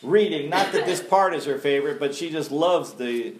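A man's voice: fairly high pitch, animated, normal speed. Folksy male Bible teacher, echoey room. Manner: folksy, emphatic, laughs at own jokes. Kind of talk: teaching sermon.

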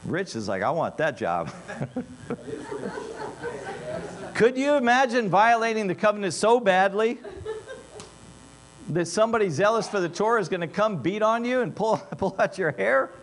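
A man preaching a sermon in an animated way, dropping into quiet asides and rising into loud, emphatic bursts. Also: high-pitched, normal speed, long pauses.

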